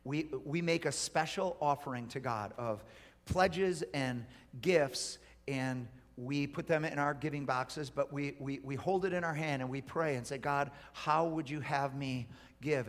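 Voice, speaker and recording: A pastor preaching a sermon, swinging from hushed whispers to loud, urgent appeals. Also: male voice, mid-range voice, in a large hall.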